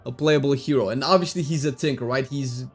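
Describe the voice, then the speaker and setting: A man chatting casually as a gaming streamer, rambling and excitable, swearing loosely and breaking into sudden shouts. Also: mid-range voice, a little fast, husky, faint music behind.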